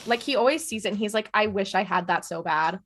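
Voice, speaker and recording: A woman co-hosting a podcast, retelling a TV episode in casual chat and acting out the characters' lines with animated energy. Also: medium pitch, quick pace, slight background noise. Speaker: podcast co-host.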